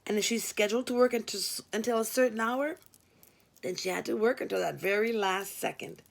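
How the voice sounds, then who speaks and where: A woman narrates a first-person story with wry, expressive delivery. Her voice is gravelly with fry and pitched somewhat high. It suits a casual read-aloud. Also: fairly quick. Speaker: audiobook reader.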